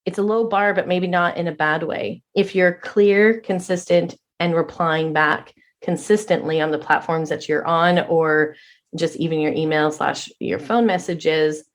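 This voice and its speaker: A woman's voice: sits low, fairly even intonation, a little slow. A woman co-hosting a podcast, giving practical and encouraging advice in casual chat. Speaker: podcast co-host.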